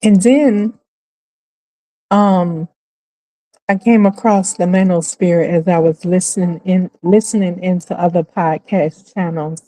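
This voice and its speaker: A middle-aged woman hosting her channel, telling a story in casual commentary and acting out quotes with high squeals and laughs. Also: fairly even intonation, slow pace, warm tone, no room sound, low-quality recording. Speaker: channel host.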